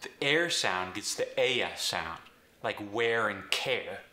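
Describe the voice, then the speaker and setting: Guy teaching sounds step by step, low and bright, roomy echo. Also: expressive, slow pace, noisy background. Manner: clear step-by-step instruction. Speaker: accent coach. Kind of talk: instructional explanation.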